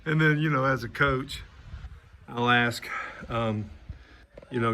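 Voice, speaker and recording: A male preacher talking casually to the camera outdoors under a gazebo, in a halting way with lots of fillers and restarts. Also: mid-range voice, level tone, bright, forceful tone. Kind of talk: casual vlog chat. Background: faint outdoor ambience of waves, voices and traffic.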